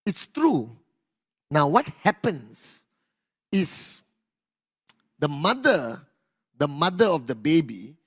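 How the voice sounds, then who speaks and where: A man giving a motivational talk to an audience, telling animated stories, acting out scenes and asking the crowd questions. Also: high-pitched. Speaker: motivational speaker.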